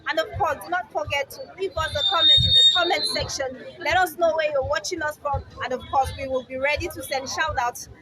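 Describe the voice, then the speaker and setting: A woman's voice: high voice, steady tone, a little fast, hardly any pauses, a crowd in the background. Upbeat woman reporting live. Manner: upbeat, repeats "and of course". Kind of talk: live on-site commentary. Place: outdoor church celebration. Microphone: handheld phone camera.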